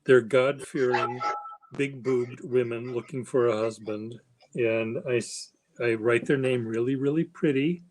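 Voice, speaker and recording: A man's voice: mid-range voice, steady tone, measured pace, darkish tone, poor audio. A man hosting a live chat stream, talking in a rambling, playful, teasing way. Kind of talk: casual livestream chat.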